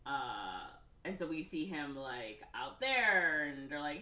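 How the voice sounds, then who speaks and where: A woman co-hosting a podcast, casually retelling a film with many fillers and quick acted-out quotes. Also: sits low, sing-song, bright, forceful tone, reverberant. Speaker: podcast co-host recapping a film. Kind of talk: casual chat.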